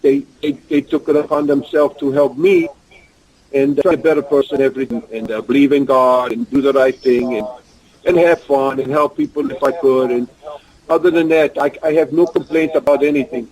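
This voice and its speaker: A Russian-accented man speaks briskly in broken English as a phone interview guest, telling rambling stories and voicing quotes with animation. His pitch is medium, and the recording is rough.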